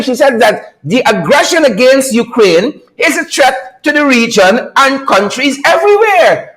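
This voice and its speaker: This is a man with a fairly high voice, hosting a political livestream. He delivers sarcastic commentary in an animated, teasing way, laughing often and repeating phrases over and over for emphasis. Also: poor audio. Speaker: host.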